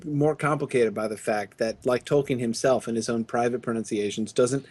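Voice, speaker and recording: A man's voice: mid-range voice, fairly even intonation, moderate pace, a little mellow, husky. A man co-hosting a casual gaming podcast, rambling with lots of restarts and fillers. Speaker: podcast co-host.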